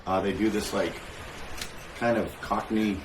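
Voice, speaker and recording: A man with a somewhat low voice chats casually at a dinner table at home. He rambles through a long story, full of fillers and chuckles. The room sounds roomy, with faint ambient noise behind him. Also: fairly even intonation, a little slow. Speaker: host.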